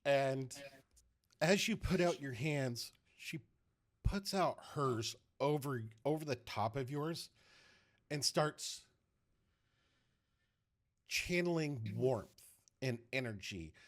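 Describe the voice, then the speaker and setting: A man narrating a tabletop game as game master, telling the scene in an animated way with loose restarts. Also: mid-range voice, slow pace, long pauses.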